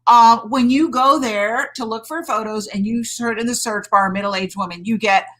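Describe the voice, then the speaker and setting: Middle-aged woman coach on a livestream, bright tense voice, fired up, keeps saying friggin. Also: on the high side, fairly even intonation, normal speed, low-quality recording. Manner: emphatic, fired-up, says "friggin'" a lot. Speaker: hormone coach and doctor. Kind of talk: live-stream chat with viewers.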